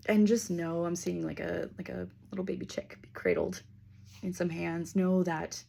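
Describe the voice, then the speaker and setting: A woman's low, deep-fried, raspy voice drifts through a relaxed spiritual reading. She rambles casually, drops a swear word here and there, and then slows to a soft near-whisper to lead deep breaths. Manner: loose and chatty, with fillers and casual swearing. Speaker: intuitive reader.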